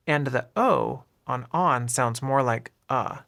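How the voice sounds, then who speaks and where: In a scripted lesson, a male English teacher speaks clearly and deliberately, demonstrating each phrase and noting where words connect. His mid-pitched voice has a gravelly, creaky edge and a fairly bright tone.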